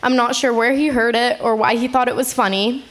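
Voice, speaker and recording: A woman's voice: a little high, fairly even intonation, fairly quick, a bit bright. An eighteen-year-old woman reading a tender, heartfelt eulogy at a memorial gathering. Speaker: eulogy speaker, eldest daughter.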